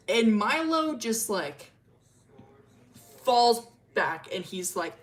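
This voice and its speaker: A woman's voice: medium pitch, big pitch swings, slow, pauses often. Giggly young woman telling a story. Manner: giggly, rambling, lots of fillers. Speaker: streamer. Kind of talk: casual storytelling on a stream.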